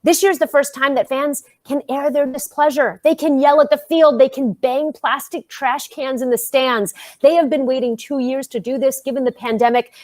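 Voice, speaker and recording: A woman's voice: high-pitched, fairly even intonation, normal speed, few pauses, darkish tone, no echo. A woman from Queens with a New York accent, co-hosting a casual panel show and telling stories with emphatic energy. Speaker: co-host and reporter. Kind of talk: casual panel chat and opinion segment.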